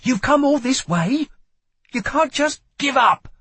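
A man voicing a fierce young woman fighter in a storybook reading, shouting in a raised, urgent voice. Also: very high voice, expressive, a little slow, breathy edge, dry recording, voice pushed up, full character voice. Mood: desperate.

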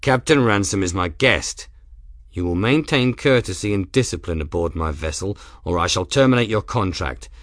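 A man's voice: sits low, animated, normal speed, fairly bright tone, dry recording. A man voicing a stern, formal male airship captain who speaks in a hard, clipped, dry tone.

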